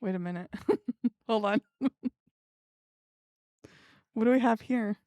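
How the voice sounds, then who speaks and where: A young woman speaks at a slow pace in a slightly high voice with a darkish tone, and there's no room sound. Streaming live, she chats casually with her viewers, giggling and talking to herself as she works things out.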